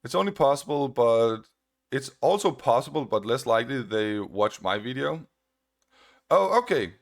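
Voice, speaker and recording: A man's voice: medium pitch, moderate pace. A man from Australia, recording a casual commentary video where he answers a critic in a sarcastic, mocking tone and repeats his points. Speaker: online video creator responding to a critic.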